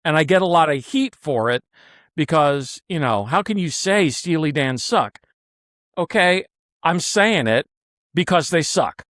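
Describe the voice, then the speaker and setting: A man's voice: a little high, animated, unhurried, fairly bright tone, no room sound, studio quality. A man in casual chat, blunt and opinionated, swearing freely as he makes his case.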